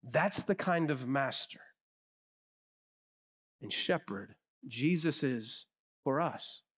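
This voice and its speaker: A male pastor preaching a sermon, telling stories with emphasis and dropping to a hush on key phrases. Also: mid-range voice, slow, breathy edge. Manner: animated storyteller.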